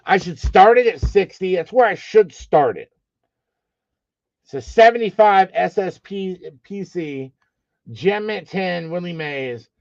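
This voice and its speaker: A man's voice: sits high, animated, a little slow, no room sound, muffled recording. A man hosting a live sports card auction stream, teasing his chat with profane jokes and calling out bids.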